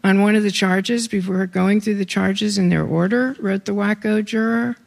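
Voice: mid-range voice, steady tone, normal speed, vocal fry. An author reading their own prose aloud to a live audience, with wry, conversational asides between passages.

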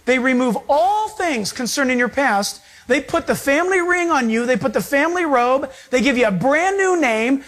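A man preaching a sermon as a pastor, emphatic and animated. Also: extremely high pitch, normal speed, hardly any pauses. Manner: emphatic, animated preaching that acts out quoted voices.

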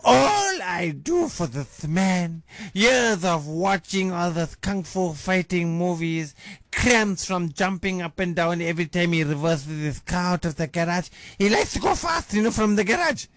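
A man's voice: high-pitched, animated, unhurried, few pauses, a bit bright, dry recording, studio quality, full character voice. A man voicing a gossipy middle-aged female agony aunt, giggly and theatrical, in a radio comedy sketch. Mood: dramatic. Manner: dramatic, giggly, swooping theatrical delivery.

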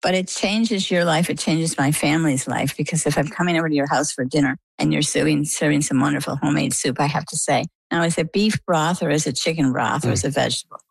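A middle-aged woman from Maine, a guest in an interview, tells her own story in a low, husky, creaky voice, talking fast with few pauses. The recording is rough but has no echo. She's a lively storyteller who acts out what other people said to her.

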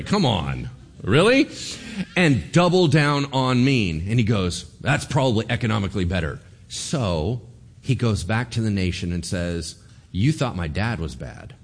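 A male preacher with a low voice that leaps up and down as he tells the story. He is animated, voicing the characters himself and firing rhetorical questions at his listeners. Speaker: pastor. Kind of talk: sermon.

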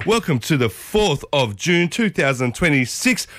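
A man in his thirties with an Australian accent, hosting a breakfast radio show in a playful, exuberant way, a little husky from a sore throat. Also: fairly high pitch, big pitch swings, a little slow, fairly bright tone, no echo. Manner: exuberant, playful, jokey catchphrases. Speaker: radio host. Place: community radio studio. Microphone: studio microphone.

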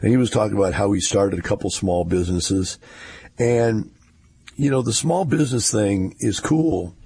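A man's voice: lowish voice, moderate pace, a little mellow, slightly rough. An older man, giving a rambling, folksy casual monologue with wry asides.

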